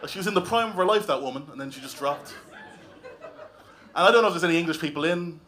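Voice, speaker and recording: A man's voice: on the high side, lively intonation, quick pace, a bit bright. An Irish man doing a stand-up comedy set on a club stage, talking in a wry, conversational way with lots of tag questions. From Ireland.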